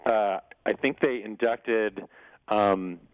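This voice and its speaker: A man who is an actor guest in a casual interview, rambling with many restarts and quick chuckles. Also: lowish voice, no echo, highs cut off.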